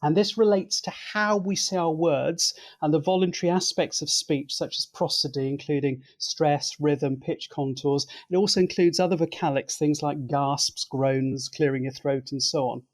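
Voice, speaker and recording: Expert male guest, methodical lecturing delivery, slightly raised pitch. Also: fairly even intonation, moderate pace, few pauses. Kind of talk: explanatory interview talk.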